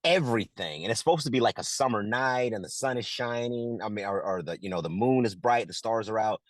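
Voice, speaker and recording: Low-voiced man telling a story. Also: fairly quick, dry recording. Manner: animated, acts out quotes, many restarts. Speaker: actor and director, interview guest. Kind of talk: casual interview storytelling.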